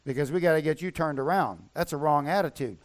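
Guy pastor giving a sermon, kinda high voice, punches and repeats his main points. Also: quick pace. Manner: emphatic preaching, repeats key phrases.

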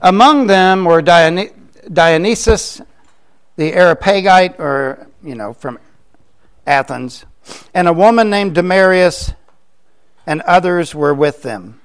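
A man's voice: high voice, slow, pauses often, clear, resonant tone. An older man from Florida, preaching a sermon in a conversational way, with joking asides. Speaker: pastor.

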